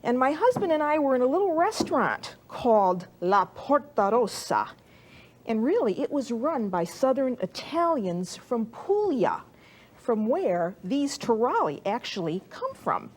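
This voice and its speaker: A woman's voice: on the high side, very animated, unhurried, slight background noise. A middle-aged woman hosting a cooking show, chatting to viewers as she works dough in a studio kitchen. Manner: warm, chatty, talks to the viewer while kneading dough.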